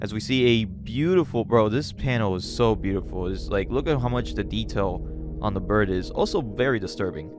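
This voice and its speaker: A man hosting a casual reading of a web comic, relaxed and chatty, with frequent fillers as he comments. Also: fairly low pitch, moderate pace, music in the background.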